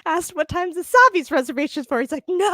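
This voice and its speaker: Podcast host, woman, high voice, animated storyteller, dry close mic. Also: fast, no room sound. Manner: animated storytelling, laughing often. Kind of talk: casual chat.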